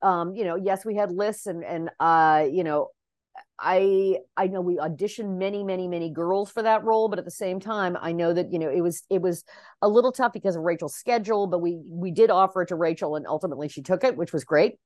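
Animated woman telling casting stories. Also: lowish voice, fairly quick, no echo, studio quality. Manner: animated and expressive, with many fillers and restarts. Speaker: casting director, guest. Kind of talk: casual interview storytelling.

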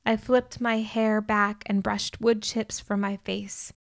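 A woman's voice: mid-range voice, flat delivery, slow pace, vocal fry, no room sound. A woman reading a first-person novel aloud with earnest, emotional delivery, close to the mic. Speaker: audiobook narrator.

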